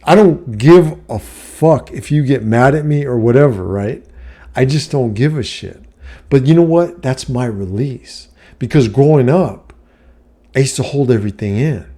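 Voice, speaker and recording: Speaking straight to camera, this middle-aged man dispenses life advice in a loose, casual monologue. His mid-range voice has a slightly mellow quality, and he's blunt about his life, cursing a lot and asking "you know what I mean" after almost every point.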